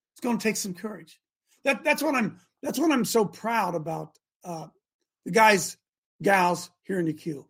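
A middle-aged man hosting a live talk show, preaching fervently to his audience with rhetorical questions and sudden shouted bursts. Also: high-pitched, vocal fry, slightly rough.

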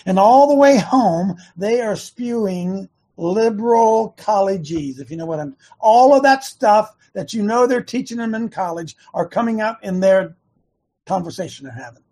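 Husky preachy talk-show man. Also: high-pitched, lively intonation, normal speed, warm tone. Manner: rambling, preachy, repeats himself, many restarts. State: slightly hoarse, frog in throat. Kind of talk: conservative Christian talk show.

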